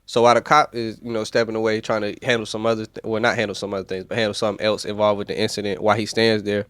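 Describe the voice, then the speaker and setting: A man's voice: lowish voice, level tone, very fast, fairly bright tone, clean tone, no room sound. A man with a Southern US accent hosting a podcast, recapping in a loose, rambling way and correcting himself as he goes. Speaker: podcast host. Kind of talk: casual commentary.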